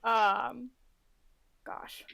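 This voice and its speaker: A woman's voice: a little high, steady tone, extremely slow, vocal fry, a bit bright, no room sound. A woman playing a tabletop game, flustered and apologetic. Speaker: player. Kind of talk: casual tabletop game play.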